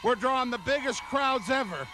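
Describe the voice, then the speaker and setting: A man's voice: very high-pitched, lively intonation, moderate pace, background noise. A man, a wrestling promoter hosting a TV segment in a folksy, stubborn, hard-selling way.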